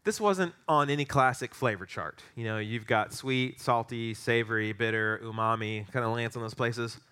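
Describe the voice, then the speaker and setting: A middle-aged pastor delivers a sermon, moving from prayer into a playful anecdote. His voice is bright and forward. His energy climbs into excited peaks as the story builds. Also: medium pitch, moderate pace, clear, resonant tone.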